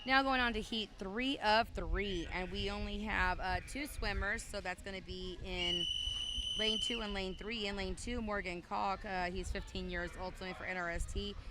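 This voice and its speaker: A woman's voice: mid-range voice, steady tone, moderate pace. A woman announcing a swim meet, chatty and casual with many fillers, calling lanes and times and calling out to the kids. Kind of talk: live meet announcing over a PA. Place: indoor pool meet. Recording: noisy poolside recording.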